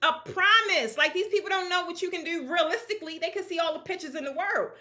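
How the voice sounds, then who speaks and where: A woman with a very high voice talks quickly to her peers about her draping business. She's casual and vibrant, laughing frequently and speaking in a punchy, colloquial style.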